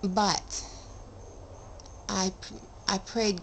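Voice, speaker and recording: A woman's voice: medium pitch, fairly even intonation, unhurried, a little hiss or hum, poor audio. A middle-aged woman telling her own story of a long illness in casual, heartfelt talk, earnest and rambling, with restarts and sudden emphatic rises.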